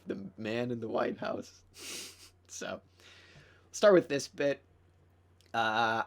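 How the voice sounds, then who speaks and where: A young man hosting a podcast livestream, chatting casually and reading a book aloud with loose, profane enthusiasm and lots of fillers. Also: medium pitch. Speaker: podcast host. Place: room near church bells.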